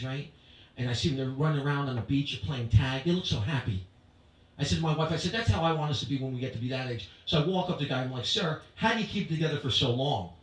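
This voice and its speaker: A man doing a stand-up comedy set in a club, punchy and animated, with crowd work. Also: mid-range voice, very echoey, distant mic, low-quality recording. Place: comedy club stage before a live audience.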